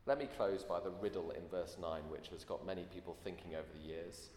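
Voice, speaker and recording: In an echoey hall with faint room noise, a man preaches a sermon earnestly, filling it with rhetorical questions. His voice is deep and a little mellow, and he speaks fairly quickly.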